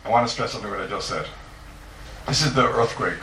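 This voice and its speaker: A man's voice: lowish voice, quick pace, sharp tone, a little hiss or hum. Man lecturing from afar in an echoey room. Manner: emphatic, repeats points, rhetorical questions. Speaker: Torah teacher. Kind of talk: Talmudic lecture. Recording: echoey room, distant mic.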